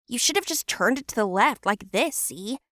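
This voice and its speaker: A woman voicing a smug teenage boy who mocks a classmate in an animated story. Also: fairly high pitch, moderate pace, dry recording, studio quality, voice pushed up. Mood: sneering. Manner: sneering, mocking.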